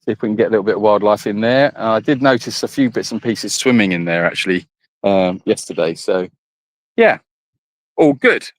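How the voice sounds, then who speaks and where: A man's voice: on the low side, lively intonation, a little fast, dry recording, poor audio. A man hosting a casual live stream from an animal sanctuary, chatting and rambling as he greets viewers by name while walking around outdoors on his phone. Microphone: phone held in hand.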